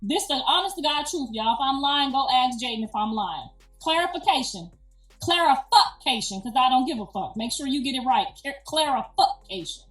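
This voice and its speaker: A middle-aged woman, a grandmother, telling a story in an animated, emphatic, slangy way with plenty of swearing. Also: sits high, normal speed. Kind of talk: casual storytelling. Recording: echoey room, distant mic, faint music.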